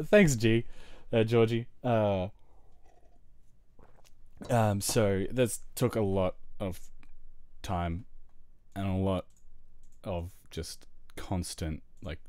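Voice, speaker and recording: Young Australian male streamer, lowish voice, loose rambling chat, dry close mic. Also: darkish tone, no room sound. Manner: rambling, chatty, lots of fillers, laughs often. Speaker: livestreamer. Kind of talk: casual livestream chat while video editing.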